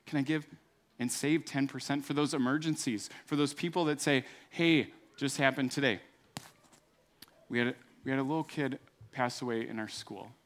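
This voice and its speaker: A man's voice: medium pitch, moderate pace. A middle-aged man preaching a sermon in an earnest, conversational way, then moving into a fervent prayer. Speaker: pastor.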